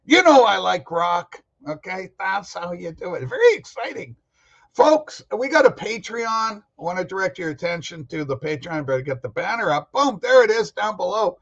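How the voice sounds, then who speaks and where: Casting note: rambling, jokey male livestream host, slightly high voice, muffled lo-fi audio. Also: very animated, normal speed, vocal fry. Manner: rambling, jokey, talks back to chat commenters. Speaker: host of a record-collecting livestream. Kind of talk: casual live-chat talk.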